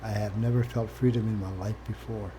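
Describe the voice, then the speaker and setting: Earnest older man with a mellow voice. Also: lowish voice, fairly quick, slight background noise. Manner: earnest, plain-spoken, swings from quiet to animated. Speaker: interview guest, former First Nations chief. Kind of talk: candid personal storytelling.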